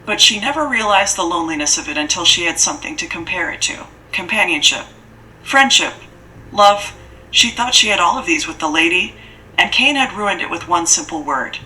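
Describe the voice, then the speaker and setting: A woman reading a dark fantasy story aloud as an audiobook narrator, with steady, measured, dramatic storytelling. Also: on the low side, poor audio.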